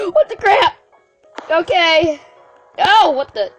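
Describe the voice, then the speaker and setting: A woman with a high, light voice chatters through a game as its regular host. She is excitable, trips over her words and keeps blurting out exclamations. Soft game music plays faintly underneath. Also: slow. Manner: excitable, exclaims and stammers often. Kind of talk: casual gameplay commentary.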